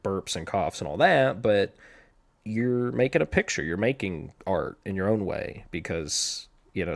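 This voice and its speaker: A man with a low, gravelly voice chats on a podcast as its editor and producer. His pitch swings widely as he jokes and slips into comic voices. The talk is loose and animated. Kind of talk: casual podcast chat.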